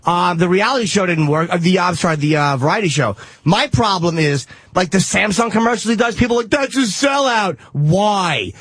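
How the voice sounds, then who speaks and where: A man co-hosting a radio show, yelling and trading insults with a caller in a heated argument. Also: sits high, a little fast, hardly any pauses, no echo. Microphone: studio microphone.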